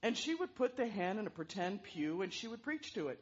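A woman tells a story aloud with a lively, swooping delivery, dropping in sound effects as she goes. Her voice is a little high and breathy. The recording is dull and lo-fi. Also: fairly quick, hardly any pauses. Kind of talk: animated oral storytelling.

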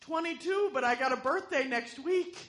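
A woman's voice: high-pitched, expressive, normal speed, a bit bright, slight background noise, voice pushed up. A woman voicing a wrinkled, cheerful little old man in a spoken joke, bragging about his carefree habits. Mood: boastful.

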